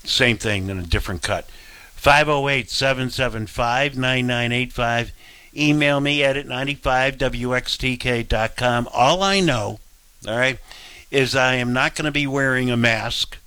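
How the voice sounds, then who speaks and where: A male talk radio host with a bright, forward voice, recorded dry and close. He speaks bluntly and rambles through his opinions. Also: mid-range voice, measured pace, clear, resonant tone, no room sound.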